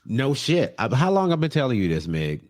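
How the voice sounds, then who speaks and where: A man's voice: medium pitch, big pitch swings, fairly quick, a little mellow, no echo. A man co-hosting a comedy podcast, joking around in casual, profane slang. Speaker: podcast co-host.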